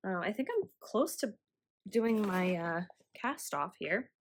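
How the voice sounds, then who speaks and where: A woman around thirty chatting casually as a knitting vlogger, rambling with frequent ums and laughing warmly now and then. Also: medium pitch, expressive, slow pace, a little hiss or hum. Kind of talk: casual chat.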